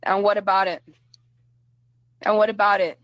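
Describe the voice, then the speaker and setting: A woman livestream host with a medium-pitched, flat voice talks at normal speed in heated commentary, answering a guest and her comments in a mocking, combative way. She often repeats her lines, and the muffled recording has no room sound.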